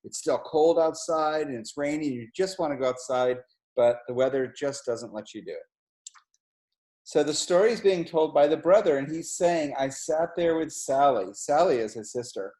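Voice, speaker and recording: Gentle middle-aged man reading to kids. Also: fairly high pitch, animated. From New Jersey, US. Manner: slow, gentle, explaining pictures to children. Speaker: college president reading a children's book. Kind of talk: read-aloud storytime. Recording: echoey room.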